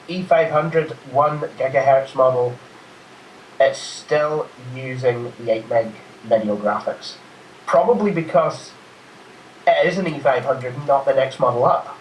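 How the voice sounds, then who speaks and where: A man whose voice sounds nasal and congested. He chats about hardware with easy know-how and frequent pauses. His audio comes over an echoey line, distant from the mic, with faint hiss. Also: medium pitch. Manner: knowledgeable, hesitant with fillers. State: stuffy, nasal from a cold. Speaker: guest expert. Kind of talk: casual tech chat.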